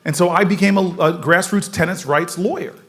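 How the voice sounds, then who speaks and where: A man in his forties from the United States giving an energetic storytelling speech at a forum, laughing often as he moves around the room. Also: high-pitched, brisk. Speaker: political speaker at a forum.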